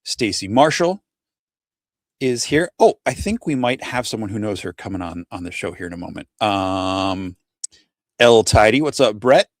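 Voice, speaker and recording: A man's voice: fairly low pitch, animated, moderate pace, no room sound, studio quality. A man in his forties hosting a casual livestream chat, rambling and self-deprecating, tripping over names as he reads them out. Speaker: podcast host.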